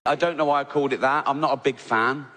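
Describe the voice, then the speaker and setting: A man's voice: medium pitch, fairly even intonation, quick pace, background noise. A man performing a stand-up comedy routine, irreverent and profane, with mock outrage.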